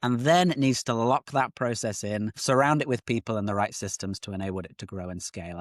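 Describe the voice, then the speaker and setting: A man's voice: mid-range voice, no room sound. Articulate British man, dry sound. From United Kingdom. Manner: articulate, structured explanations. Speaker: guest entrepreneur. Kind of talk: podcast interview.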